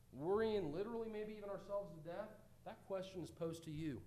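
A middle-aged American man preaching a sermon, earnest, moving between loud pleading and quiet reflection. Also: high voice, expressive, a little fast.

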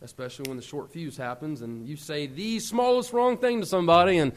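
A man with a high voice preaches a sermon to his congregation. He talks in a relaxed, conversational way, then pushes his voice up and out for emphasis. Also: fairly quick.

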